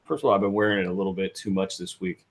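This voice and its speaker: A man's voice: low voice, level tone, racing. Joking man co-hosting a podcast. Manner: joking, rambling, self-deprecating. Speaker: podcast co-host. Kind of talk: casual live podcast chat.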